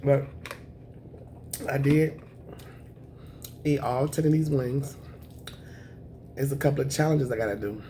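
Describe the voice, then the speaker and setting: A woman, chatting to camera on her eating show, emotional and thankful, with a voice that is raspy at times. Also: extremely low pitch, a little slow, pauses often, mellow, slight background noise. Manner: emotional, thankful, says y'all often. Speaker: mukbang vlogger.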